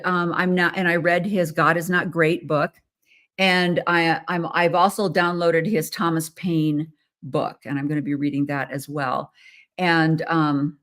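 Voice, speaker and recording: A middle-aged American woman talks to her viewers in a loose, rambling way, often pausing on "um" and slipping in small laughs. Her voice sits a little on the low side. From United States. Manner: chatty, rambling, frequent ums and laughs. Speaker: host. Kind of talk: casual monologue.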